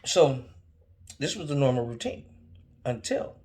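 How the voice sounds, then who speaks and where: A man telling a story in a casual monologue, stammering often and acting out quotes with sudden high outbursts. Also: big pitch swings, measured pace, darkish tone. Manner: frequent stammered repeats. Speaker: vlogger.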